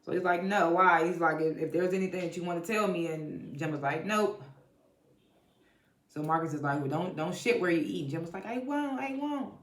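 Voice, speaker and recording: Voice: mid-range voice, steady tone, quick pace, few pauses, fairly bright tone. A TV show reviewer giving a casual episode recap, blunt and profane, laughing often while retelling scenes. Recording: echoey room.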